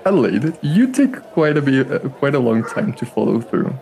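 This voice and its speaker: A man's voice: mid-range voice, big pitch swings, moderate pace, vocal fry, mellow, some chatter behind, a little hiss or hum. A man running a tabletop game as game master, narrating casually and animatedly with laughs.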